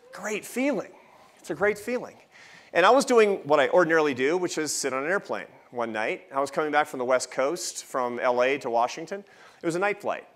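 A man's voice: on the high side, fairly bright tone. A man in his fifties giving a keynote talk at a festival, telling a personal story with wry asides. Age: 50s. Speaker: think-tank president giving a festival talk. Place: large event hall with an audience.

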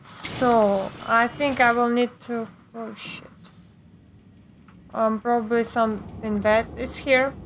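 A woman's voice: on the high side, steady tone, takes it slowly, a little hiss or hum. A woman giving let's play commentary, talking to herself in a jumpy way and swearing at the game. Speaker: gameplay streamer.

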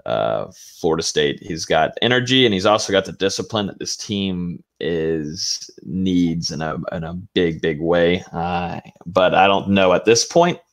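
A young man with a deep, low voice co-hosts a casual sports talk show. He is laid-back and rambles through his thoughts. He laughs easily at his partner's jabs. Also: animated, measured pace, hardly any pauses. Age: young adult. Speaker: co-host, team analyst.

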